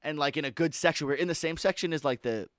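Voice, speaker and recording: A young man co-hosting a casual chat, excitable, swearing and laughing often as he tells stories. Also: on the high side, racing, no room sound, studio quality. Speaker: podcast co-host.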